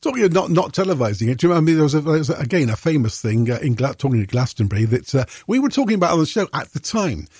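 A man with a slightly husky voice chats casually as a co-presenter. His pitch is fairly high and lively. He is quick to agree and adds his own memories. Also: no echo, studio quality. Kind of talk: casual chat.

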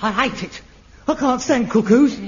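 A middle-aged man, acting in an old TV sitcom, theatrical and excitable, muttering one moment and ranting the next. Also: very high-pitched, moderate pace, slightly rough, exaggerated voice. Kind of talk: 1960s-70s TV sitcom acting. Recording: lo-fi archive TV sound with faint hiss.

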